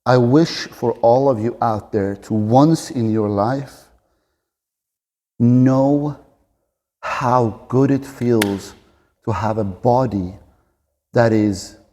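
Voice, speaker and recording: A man in his forties talks straight to camera, earnest and direct as he coaches the listener on staying fit. His voice is mellow and relaxed. The sound carries the long reverb of a big gym room. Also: mid-range voice. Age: 40s. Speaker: fitness and fighting coach. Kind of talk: motivational talk to camera.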